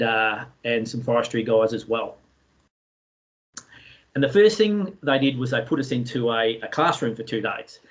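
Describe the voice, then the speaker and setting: An Australian man telling a story in a relaxed way, with many fillers, as a guest speaker in an online session. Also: mid-range voice, muffled recording. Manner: chatty, anecdotal, many fillers.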